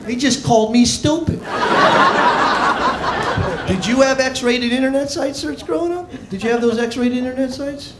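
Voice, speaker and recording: A man's voice: extremely high pitch, fairly even intonation, a little slow, pauses often, very noisy. A man from Arizona doing a stand-up comedy set on a club stage, with a brash, mocking, punchy delivery into a handheld mic. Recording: echoey club with audience laughter.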